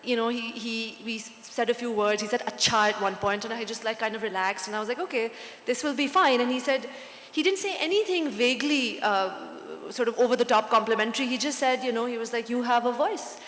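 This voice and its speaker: Panel author, woman, animated storyteller mixing in Hindi, higher pitch, echoey hall with long reverb. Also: fast talker. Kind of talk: conversational panel talk. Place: conference hall.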